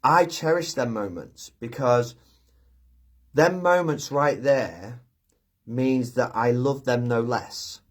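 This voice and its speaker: A man hosting a live chat, talking gently and from the heart with many pauses and restarts. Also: mid-range voice. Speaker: live stream host. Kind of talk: casual live chat, reading viewer comments.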